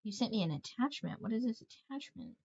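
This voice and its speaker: A woman's voice: on the high side, very animated, fairly quick, vocal fry, mellow, breathy edge, lo-fi sound. A woman game streamer chatting casually, telling rambling, joking stories with lots of fillers. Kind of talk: casual livestream chat.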